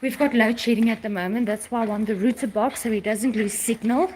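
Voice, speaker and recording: A woman's voice: a little high, steady tone, fairly quick, noisy background. A woman chatting casually with viewers of her live stream while walking around, out of breath. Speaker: vlogger.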